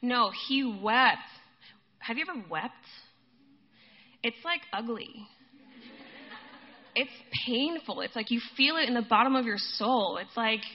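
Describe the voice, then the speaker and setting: Woman preacher, easygoing sermon, voice a bit high, muffled lo-fi sound. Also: lively intonation, unhurried, pauses often. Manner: conversational, addresses listeners as guys, laughs often. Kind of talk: casual sermon. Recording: dull lo-fi recording.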